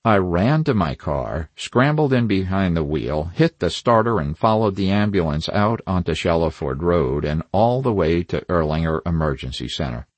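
A man's voice: deep voice, very animated, normal speed, few pauses, dry recording. A man narrating a first-person crime novel in a wry, hard-boiled manner with dry asides. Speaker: audiobook narrator.

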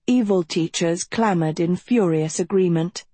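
A woman narrating an audiobook in scripted, even, unhurried storytelling. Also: low-pitched, slightly rough, no echo.

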